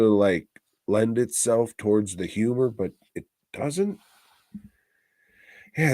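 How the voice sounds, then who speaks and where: A man who talks slowly on a comedy movie podcast, trading crude, dry wisecracks. His voice sounds close and dry, with no room echo. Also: mid-range voice, darkish tone. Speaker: podcast co-host. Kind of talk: casual comedy movie review.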